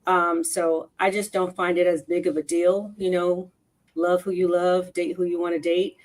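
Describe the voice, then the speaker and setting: A woman speaking in a relaxed, measured way in a casual panel discussion. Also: lowish voice. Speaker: panel guest.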